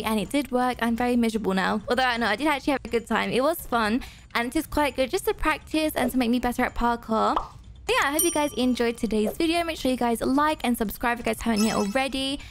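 A young woman giving excitable, self-deprecating gameplay commentary as host of a gaming channel, gasping often. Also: high-pitched, fast talker, slight background noise.

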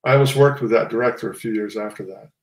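A man's voice: fairly low pitch, quick pace, reverberant, poor audio. A man, a comic artist guest, talking casually and rambling, often restarting and correcting himself. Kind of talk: casual conversation.

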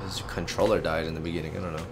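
A man giving live gameplay commentary, excitable and teasing, with sudden yelps and laughs. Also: low-pitched, very fast. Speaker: gaming video host. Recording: game music behind the voice.

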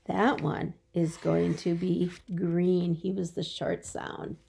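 This is a woman teacher leading a phonics lesson for small children. She speaks slowly in a mellow voice with a gravelly edge, drawing out each word patiently and encouragingly. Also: fairly low pitch, level tone. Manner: slow, drawn-out words, encouraging and patient.

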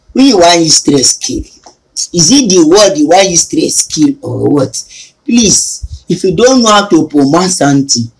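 A man co-hosting a casual chat, scolding and animated. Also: fairly high pitch, gravelly, breathy edge. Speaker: co-host.

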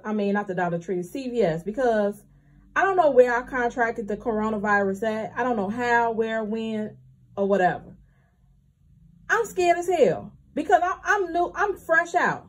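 A young woman, chatting candidly to her viewers about her couponing trip and calling them y'all. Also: a little high. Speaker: couponing vlogger. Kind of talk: casual chat to viewers.

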